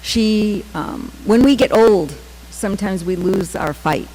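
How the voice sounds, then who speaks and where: A middle-aged woman giving a temple class, telling personal stories with many "um" pauses and acted-out quotes. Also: mid-range voice, dark tone, rough recording. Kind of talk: scripture class with personal storytelling.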